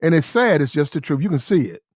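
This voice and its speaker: A man's voice: on the high side, expressive, fast, darkish tone, husky, no echo, clean studio sound. A man from the United States giving blunt, slangy opinion commentary, repeating his points for emphasis. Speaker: commentary show host.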